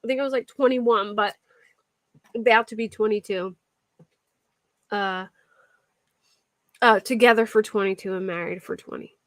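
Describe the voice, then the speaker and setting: A woman's voice: mid-range voice, steady tone, moderate pace, long pauses, dry recording. A young woman hosting a casual true-crime live stream, chatting and answering viewers at her desk mic. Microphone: desk mic at a computer.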